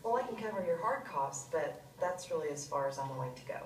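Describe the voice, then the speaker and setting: Woman doing a stubborn client haggling, lowish voice, far-off echoey playback. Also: expressive, a little fast, a little hiss or hum. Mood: insistent. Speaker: salon client bargaining. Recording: video played in echoey hall.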